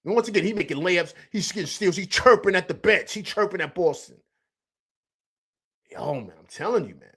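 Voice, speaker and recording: Husky New man chatting live. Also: high voice, expressive, fairly quick, a bit bright. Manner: loose slangy talk, repeats himself, reads chat aloud. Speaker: live stream host. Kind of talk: casual live stream chat.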